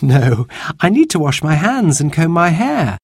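A man's voice: on the high side, big pitch swings, husky, no room sound, studio quality, pitched above the performer's own voice, heavily acted. A man doing a firm, caring mother. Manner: firm, brisk.

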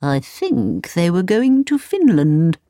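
A woman's voice: lowish voice, sing-song, slow, mellow, dry recording, clean studio sound. A woman reading a storybook aloud, voicing a helpful talking pigeon that tells what it saw. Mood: informative.

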